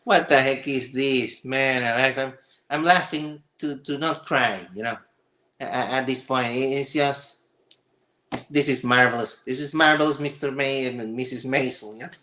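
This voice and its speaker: A man hosting a livestream, reacting to a video with sarcastic, exasperated commentary and excited stammering. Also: medium pitch, moderate pace, slight background noise. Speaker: livestream host.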